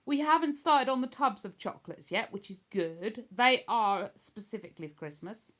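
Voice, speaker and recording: An older woman from Hertfordshire hosts a casual livestream and replies to viewer comments, her accent landing between posh and London English. Her voice is a little high and a bit bright, with lively intonation at a moderate pace.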